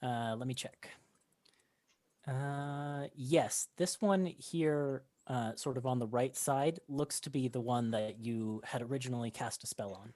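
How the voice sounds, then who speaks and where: This game master guides a tabletop session in a relaxed, filler-heavy style. His voice is mid-pitched and he talks a bit slowly.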